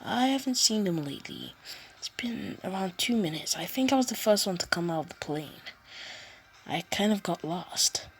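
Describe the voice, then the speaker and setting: A woman's voice: medium pitch, animated, normal speed, pitched above the performer's own voice, natural voice. A woman voicing a timid thirteen-year-old boy hero who stammers and hesitates. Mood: nervous.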